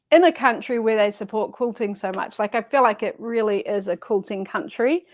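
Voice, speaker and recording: A middle-aged woman, a quilting guest telling stories in a chatty, easy-laughing way. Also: mid-range voice. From New Zealand. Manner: chatty, laughs easily, lively storyteller. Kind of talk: casual chat.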